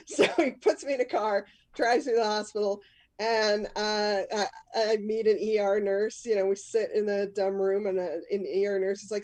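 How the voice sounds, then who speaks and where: A woman's voice: medium pitch, brisk, darkish tone, no echo. A woman comic hosting a live storytelling show, telling a self-mocking story in a casual, rambling way. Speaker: comic and host.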